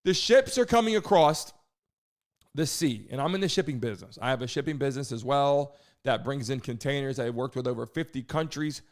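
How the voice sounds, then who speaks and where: A man hosting a live stream, hyping the chat, shouting out viewers and talking loosely with some swearing. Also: mid-range voice, lively intonation, fairly quick. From United States.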